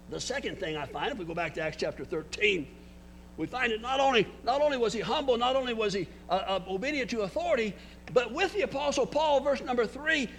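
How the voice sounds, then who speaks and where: High bright-voiced older preacher. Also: male voice, a little hiss or hum. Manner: emphatic preaching with frequent restarts; spells out words for emphasis. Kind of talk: sermon.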